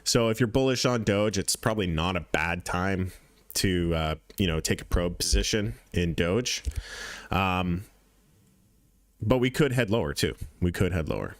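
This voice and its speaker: A man's voice: deep voice, no echo, studio quality. A man hosting a crypto trading channel, giving casual market commentary over charts in a blunt, profane way, repeating points for emphasis.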